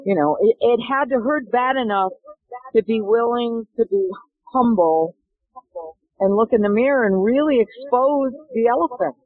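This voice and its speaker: A woman's voice: a little high, moderate pace, slightly rough, no room sound. A middle-aged woman, a golf instructor, telling stories in an interview and acting out the dialogue. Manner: animated, acts out dialogue in stories. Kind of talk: interview storytelling. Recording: dry tinny phone-like line.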